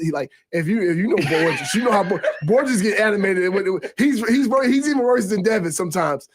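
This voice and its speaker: A man in his thirties with a somewhat high voice tells old game stories as a radio guest. He talks in an animated, loose way, stacking repeated words as he goes, and his pitch leaps up whenever he acts out what a teammate said. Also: a little fast, few pauses. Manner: animated, pitch jumps high when quoting others; repeats words while gathering thoughts. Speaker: former quarterback guest. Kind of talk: casual sports talk storytelling.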